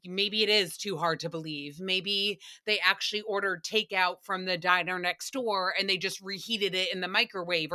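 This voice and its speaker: A young adult woman, hosting a casual podcast recap and telling animated, profane stories with playful mock voices. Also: medium pitch. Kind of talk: casual solo podcast chat.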